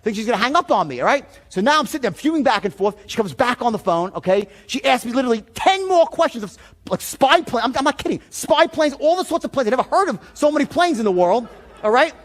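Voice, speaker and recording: A man giving a seminar talk as a sales trainer, telling stories in an animated, profane way. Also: very high voice, quick pace.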